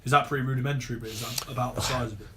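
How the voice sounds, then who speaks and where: A man's voice: medium pitch, steady tone, racing, a bit bright, a little hiss or hum. A young man as a guest on a casual podcast, rambling with lots of filler words.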